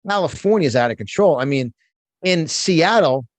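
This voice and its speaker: A middle-aged New York–accented man, by trade a motivational speaker and business coach, is an emphatic, fired-up guest in a passionate conversational interview, often restarting his words. He speaks at a moderate pace with a slightly high voice and lively intonation, recorded dry.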